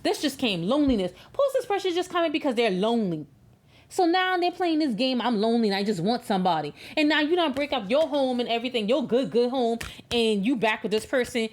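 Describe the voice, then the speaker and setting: A woman's voice: sits high, expressive, a little fast. A woman giving a tarot love reading in an emphatic, preachy way, repeating words for stress. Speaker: tarot reader.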